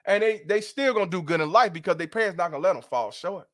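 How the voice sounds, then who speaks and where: A man's voice: high-pitched, quick pace, a bit bright. A middle-aged man hosting a livestream, ranting in a blunt, profane and emphatic way. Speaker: host. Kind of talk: livestream commentary rant.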